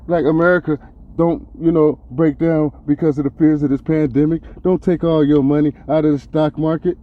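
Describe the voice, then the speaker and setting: A man hosting a podcast, delivering a profane, heated and sarcastic rant that swings between loud outbursts and low mutters. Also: steady tone, normal speed, phone-quality sound. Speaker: podcast host. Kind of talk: ranting commentary monologue.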